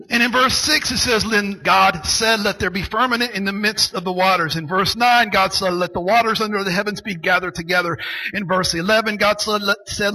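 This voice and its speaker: Raspy preacher with bright tone. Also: male voice, sits high, rough recording. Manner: builds from soft storytelling to loud, shouted preaching. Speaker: pastor. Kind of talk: sermon.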